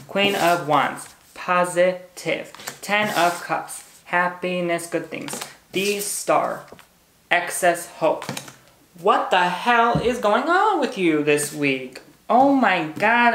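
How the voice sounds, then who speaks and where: A man's voice: high-pitched, fairly bright tone, roomy sound, a little hiss or hum. A man giving a pick-a-card tarot reading, bubbly and hyper, gushing and repeating words. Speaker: tarot reader.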